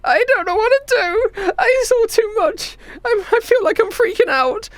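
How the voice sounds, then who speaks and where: A man's voice: extremely high pitch, lively intonation, normal speed, dry recording, pitched above the performer's own voice. A man voicing a frightened young child who stammers and panics. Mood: distraught.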